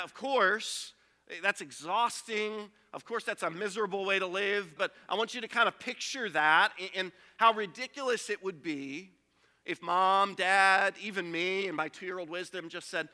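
Pastor, male, high and very bright voice, conversational storyteller, long hall reverb. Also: normal speed. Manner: storytelling, conversational with acted quotes. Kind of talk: sermon.

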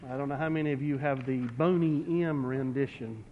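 A man's voice: medium pitch, steady tone, brisk, a little hiss or hum. A man, a pastor, chatting casually and playfully with his congregation from the pulpit. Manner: chatty and playful, breaks into bits of song. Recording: dull sound with long hall reverb.

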